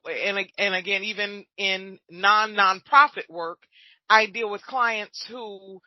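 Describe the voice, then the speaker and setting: A woman's voice: medium pitch, slow pace, bright, forceful tone, no echo, poor audio. A woman hosting a podcast interview, chatty and often affirming her guest. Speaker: podcast host and business coach.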